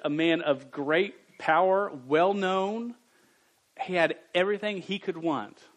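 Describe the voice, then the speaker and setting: A man preaching a sermon to young people, stammering at times and jumping from quiet reading to loud bursts. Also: a little high, poor audio. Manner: stammers on words.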